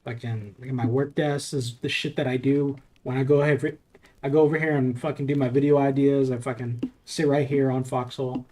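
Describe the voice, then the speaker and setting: Young man, streamer, loose profane chatter, mid-pitched voice, faint hiss behind. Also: flat delivery, a little fast, mellow. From Southern California. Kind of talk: casual live-stream chat while playing.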